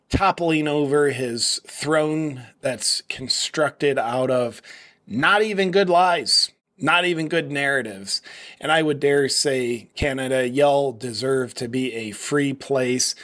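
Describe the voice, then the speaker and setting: Man, forties, mocking political commentator, sarcastic, animated, mid pitch. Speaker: host.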